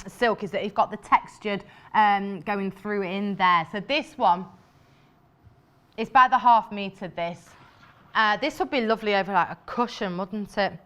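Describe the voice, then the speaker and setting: A woman's voice: mid-range voice, a bit bright. Chatty woman presenting on a shopping channel. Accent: British English. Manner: chatty, enthusiastic, many fillers and asides. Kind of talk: live sales presentation.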